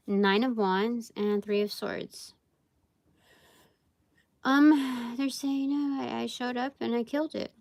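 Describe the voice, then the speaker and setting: A woman's voice: fairly high pitch, gravelly, darkish tone. A woman giving a casual live tarot reading, rambling and thinking aloud with many fillers. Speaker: tarot reader.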